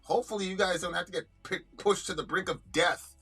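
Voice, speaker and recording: A man with a high, very bright and tense voice speaks in a relaxed, slangy manner. Faint music sits under his voice. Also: fast talker, breathy edge. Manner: laid-back, slangy. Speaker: reaction channel co-host. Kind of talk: casual chat.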